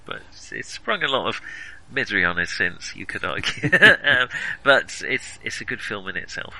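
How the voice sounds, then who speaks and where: A middle-aged man talking films with a friend, animated and given to self-deprecating laughter. His voice is very bright and edgy, and his pitch leaps around with enthusiasm. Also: moderate pace, creaky, no room sound, rough recording. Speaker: podcast co-host. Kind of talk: casual film chat.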